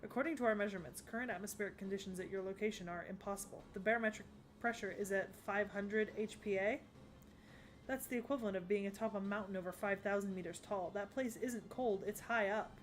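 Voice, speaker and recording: A man's voice: sits high, fairly even intonation, fast talker, close to an everyday voice. A man voicing an anxious young doctor rattling off technical readings with urgency, in an English anime dub. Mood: urgent. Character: anxious young male doctor giving readings over comms.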